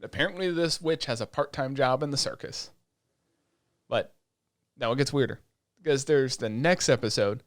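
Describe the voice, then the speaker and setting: A podcast co-host with a mid-pitched male voice recaps episodes in casual chat, recorded dry and close to the mic with no echo. He rambles at a normal speed, pausing often, swearing and leaning on fillers. His storytelling is animated, and he acts out the characters' quoted lines along the way.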